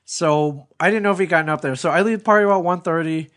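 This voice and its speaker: A man's voice: on the high side, quick pace, a bit bright. Casual rambling male podcast host. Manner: rambling storyteller, swears freely. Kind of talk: casual chat.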